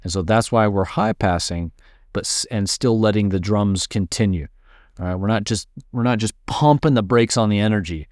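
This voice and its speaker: A man casually teaching music production, thinking aloud while he works and muttering at his software. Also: lowish voice, moderate pace, no room sound, studio quality. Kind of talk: casual screen-recorded tutorial.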